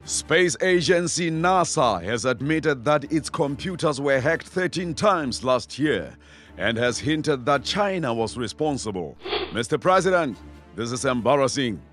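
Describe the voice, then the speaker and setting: Man reading mock news, deadpan. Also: mid-range voice, unhurried, soft background music. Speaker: satirical news anchor.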